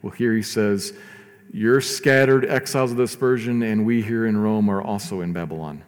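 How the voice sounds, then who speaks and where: A man preaching a sermon as pastor, earnest, rising to emphatic lines and dropping to soft, slow ones. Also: fairly low pitch, clean tone, big-room sound.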